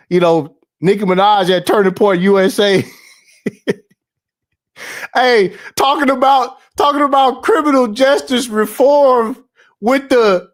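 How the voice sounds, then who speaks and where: A young man hosting a casual stream, ranting in heavy slang with lots of swearing, repeats and laughs. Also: sits high. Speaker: podcast host. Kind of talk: casual livestream rant.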